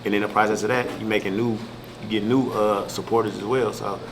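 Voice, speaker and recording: Young male comedian from Milwaukee, relaxed slangy storyteller, talks fast, noisy ambience behind. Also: lowish voice. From Milwaukee, Wisconsin. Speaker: comedian and social media creator. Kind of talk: casual interview chat.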